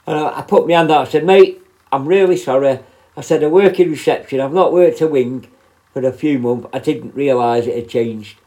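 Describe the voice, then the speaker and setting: Blunt, sweary man with a mellow voice. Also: mid-range voice, fairly even intonation, a little fast, rough recording. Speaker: podcast host, former prison officer. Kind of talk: casual storytelling monologue.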